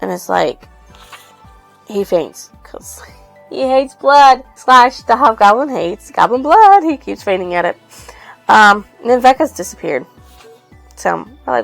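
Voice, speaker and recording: A woman's voice: on the high side, very animated, a little slow, vocal fry, long pauses, fairly bright tone, soft background music, low-quality recording. A woman casually recapping a book's plot, rambling and swearing freely. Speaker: book reviewer.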